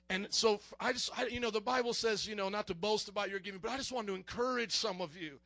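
A man stands before a church congregation and gives an emotional testimony, swinging from loud calls to near-whispers. His voice sits high and has a gravelly edge. The sound is dry and close. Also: quick pace, hardly any pauses, no echo. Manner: excitable, emotional, swings between shouting and hushed. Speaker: church minister giving a testimony. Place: church sanctuary.

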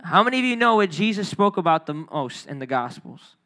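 A youth pastor giving a casual, playful sermon, joking with listeners by name and leading call-and-response lines. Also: male voice, high voice, sing-song, fairly quick, sharp tone. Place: church room.

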